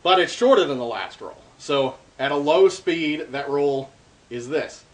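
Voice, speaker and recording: A man's voice: on the high side, a little slow. A man casually teaching hand-drum rolls, explaining step by step with lots of ums and uhs. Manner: relaxed, filler-heavy explaining. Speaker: darbuka teacher. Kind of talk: casual instructional talk. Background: drum playing between phrases.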